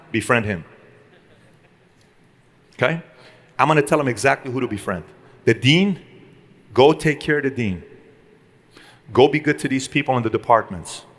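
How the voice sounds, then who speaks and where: A man's voice: mid-range voice, a bit bright. A man giving an emphatic motivational business talk to a live audience, asking the room questions and acting out conversations. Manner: emphatic, asks the room questions, acts out dialogues. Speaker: business speaker.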